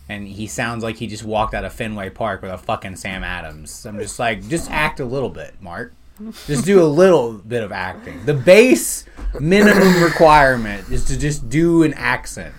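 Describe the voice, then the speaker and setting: A man chatting on a comedy podcast, ranting in an animated, profane way. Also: medium pitch, a little hiss or hum. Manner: animated, profane, ranting with loud acted outbursts. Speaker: podcast guest. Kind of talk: casual comedy podcast chat.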